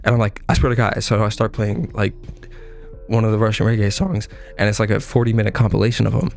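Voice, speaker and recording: A young man with a lowish voice tells a long, rambling story full of swearing, and he keeps breaking into quick, squeaky impressions of the people in it. It is a loose, unscripted monologue with faint music underneath. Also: fairly even intonation, vocal fry. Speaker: podcast host.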